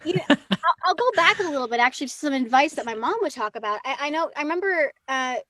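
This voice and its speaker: High-voiced woman chatting as a guest. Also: no echo. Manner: lively, chatty, quick asides and laughs. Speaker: actress guest. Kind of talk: casual interview chat.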